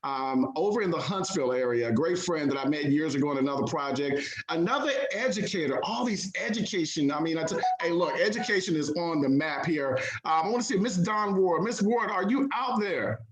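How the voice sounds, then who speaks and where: A man with a fairly high voice hosts a casual community call. He introduces guests in an encouraging way, often pausing on "uh". The sound is roomy and echoey. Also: expressive, a loud crowd. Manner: warm, encouraging, hesitant with fillers. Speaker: host.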